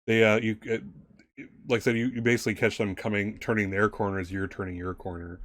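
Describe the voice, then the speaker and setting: A man with a low voice runs a tabletop game for his players. He rambles through his scene descriptions with fillers and restarts, and the sound is dry and close. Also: level tone, fast, a bit bright, no room sound. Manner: rambling, many fillers and restarts, laughs often. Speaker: game master.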